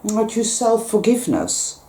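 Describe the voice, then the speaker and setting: A woman's voice: a little high, wildly swooping pitch, a little slow, warm tone. A woman giving an impassioned spiritual monologue. She is intense and emphatic, swears freely, and repeats her phrases for force. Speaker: spiritual vlogger. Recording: roomy echo.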